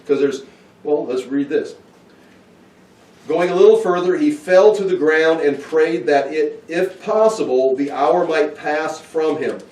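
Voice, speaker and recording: A man's voice: fairly high pitch, measured pace, darkish tone. A man giving an informal, conversational Bible teaching, walking listeners through the verses. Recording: roomy echo, mic at a distance.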